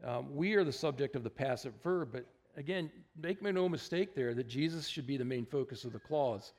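A male pastor gives an easygoing, conversational sermon in a church, his voice at an ordinary middle pitch. He talks plainly and loosely, with dry little asides and plenty of ums and uhs. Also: moderate pace. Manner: relaxed and chatty, with wry asides and many fillers.

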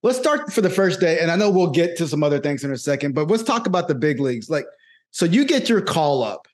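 A middle-aged man hosting a podcast, talking in an energetic, hyped-up way with friendly banter. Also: fairly high pitch, fast. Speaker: podcast host. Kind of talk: casual interview.

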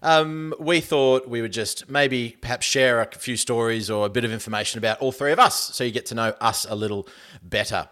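An Australian man co-hosting a sports podcast, chatting casually and setting up games with a light, jokey touch. His voice is bright and forward, at an ordinary pitch. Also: a little fast. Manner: relaxed, jokey, presenting segments. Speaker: podcast co-host.

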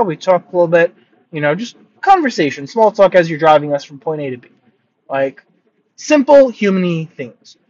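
A young man talking through his travels in a casual vlog, rambling and animated, with lots of filler words. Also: high voice, a little fast, no echo. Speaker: vlogger. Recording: slightly muffled lo-fi sound.

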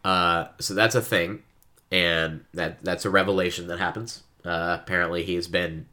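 Man co-host, very low pitch, crisp forceful tone, chatty and full of backchannels. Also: fairly even intonation, moderate pace. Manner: chatty, frequent listener backchannels. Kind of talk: casual book discussion.

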